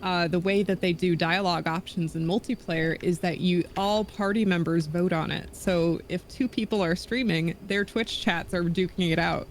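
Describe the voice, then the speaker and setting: A man's voice: sits high, steady tone, normal speed, few pauses, a little hiss or hum. A man appearing as a guest on a live stream, chatting easily and hesitating with fillers as he thinks. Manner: easygoing, hesitant, many ums and self-corrections. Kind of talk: casual live-stream chat.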